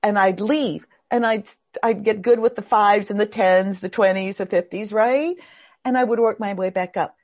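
A woman's voice: medium pitch, steady tone, moderate pace, darkish tone. A woman teaching a spiritual class, speaking earnestly and with feeling as she searches for her words.

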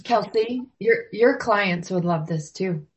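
A woman's voice: mid-range voice, takes it slowly. A woman thanking a meditation leader, rambling with many restarts as she is moved. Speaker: meditation group participant. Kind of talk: emotional casual feedback. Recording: dull lo-fi audio.

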